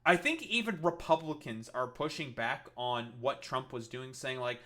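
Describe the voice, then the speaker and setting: A man's voice: mid-range voice, expressive, normal speed, fairly bright tone. A man doing reaction commentary, ranting in an exasperated, profane way. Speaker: political commentator streamer.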